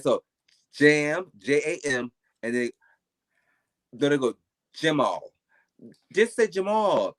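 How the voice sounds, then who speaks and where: A man with a New Jersey accent, a podcast guest telling stories in casual chat, emphatic and animated, swearing freely. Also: a little high.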